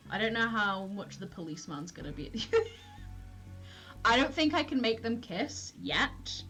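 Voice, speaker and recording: A young woman streamer chats casually and self-deprecatingly as she plays, laughing easily. Her pitch swings up and down in a lively way. Faint music plays in the background. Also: unhurried. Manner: chatty, giggly, self-deprecating. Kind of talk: casual gameplay commentary.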